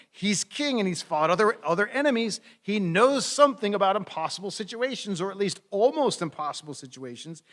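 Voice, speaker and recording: A middle-aged pastor with a high voice delivers a sermon like a lively conversation, telling stories animatedly and tossing in playful asides.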